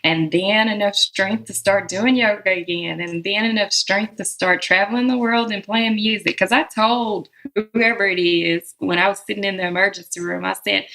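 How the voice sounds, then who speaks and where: A woman with a Southern American accent, speaking as a guest in a relaxed, reflective interview and laughing often. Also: mid-range voice, measured pace, vocal fry, rough recording. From Southern United States. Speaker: guest musician.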